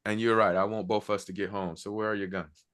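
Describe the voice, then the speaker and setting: A man's voice: fairly low pitch, little pitch movement, fast talker, a bit bright, clear, resonant tone. A middle-aged man and military veteran telling a personal story in a casual, reflective way, quoting the people involved. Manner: casual, reflective, quotes others in conversation.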